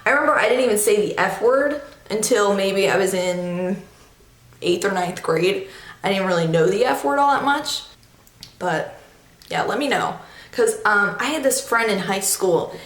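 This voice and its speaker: A woman's voice: medium pitch, expressive, normal speed. A woman in her twenties talks through her makeup in a loose, chatty way, making fun of herself and stretching out slang words. Her voice sits in a middle register. The room around her has a noticeable echo. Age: 20s. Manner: chatty, self-deprecating, drawls slang words. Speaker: beauty vlogger. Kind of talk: casual get-ready-with-me chat. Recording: echoey room.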